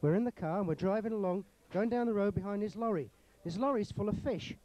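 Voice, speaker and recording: A young man telling a joke at a pub, doing high voices for the children in it. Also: fast talker, mellow, low-quality recording. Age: young adult.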